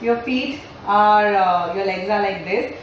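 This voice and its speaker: Woman yoga trainer, playful sing-song coaching, slow, unhurried delivery, very echoey room. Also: mid-range voice, recorded from a distance, a little hiss or hum. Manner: sing-song storytelling, coaxing questions to the class. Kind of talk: playful guided class for parents and children. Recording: very echoey room with faint ambience.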